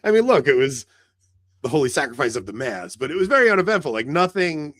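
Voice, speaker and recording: A man's voice: mid-range voice, expressive, fast, a bit bright, no echo. A man co-hosting a podcast in casual chat, telling a long rambling story full of "like" fillers and acted-out dialogue. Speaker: podcast co-host.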